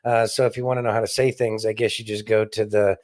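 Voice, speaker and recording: A man's voice: fairly low pitch, flat delivery, fast, a little mellow. A man hosting a podcast, delivering rambling, opinionated political commentary with sarcastic asides. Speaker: podcast host.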